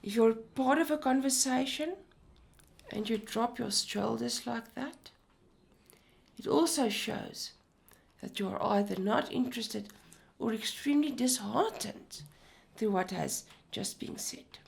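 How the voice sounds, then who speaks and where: A woman presents an educational talk slowly and deliberately. Her voice has a gravelly, fry-tinged texture, and she takes her time over each phrase. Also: fairly high pitch. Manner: slow and deliberate.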